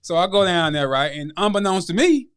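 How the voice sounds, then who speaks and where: A middle-aged man telling a story as a guest, rambling and laid-back, full of asides. His voice sits a little high for a man and the words tumble out quickly. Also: animated, fairly bright tone, smooth. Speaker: firefighter guest. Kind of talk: casual storytelling.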